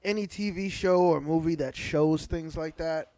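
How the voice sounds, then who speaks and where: Man, podcast co-host, high voice, dry close sound, cuts in bluntly. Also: normal speed, mellow, dry recording. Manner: blunt, interjecting. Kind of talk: casual chat.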